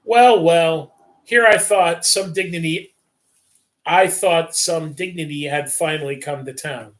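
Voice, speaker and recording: A man's voice: on the high side, a bit bright. A man voicing a fussy French-speaking mother. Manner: halting, slow French phrases. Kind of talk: story read aloud on a livestream.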